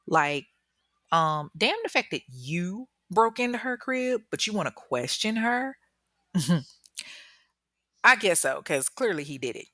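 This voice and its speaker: A young woman tells a true-crime story in a lively, joking way, leaping up in pitch when she acts out what people said. Her voice is bright and crisp. The sound is dry and close. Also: unhurried, no echo. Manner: animated and joking, acts out quotes with big pitch jumps, laughs often. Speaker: true-crime podcast host. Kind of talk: casual storytelling with commentary.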